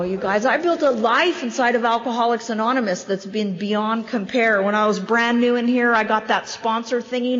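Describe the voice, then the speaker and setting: A woman's voice: a little high, a bit bright. Wry woman speaking in an echoey hall. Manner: wry, self-deprecating storytelling with quick asides. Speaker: convention opening speaker. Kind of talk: recovery meeting speaker share. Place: large hall. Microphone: podium microphone. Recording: dull, echoey hall recording.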